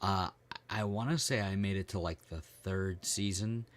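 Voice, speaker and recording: A man's voice: low voice, steady tone, normal speed. A middle-aged American man co-hosting a podcast, rambling and joking in casual chat, trailing off with ums as he hunts for words. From United States. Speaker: podcast co-host.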